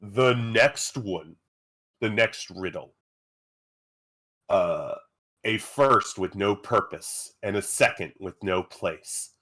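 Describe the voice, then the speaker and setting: A man running a tabletop game as game master, reading riddles slowly and deliberately. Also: lowish voice, bright, forceful tone.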